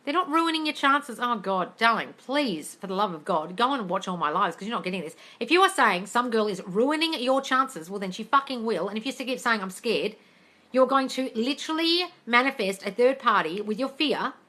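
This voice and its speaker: A woman's voice: on the high side, expressive, a little fast, few pauses, sharp tone. A woman hosting a casual live-stream Q&A, reading viewer questions and answering them bluntly with plenty of swearing.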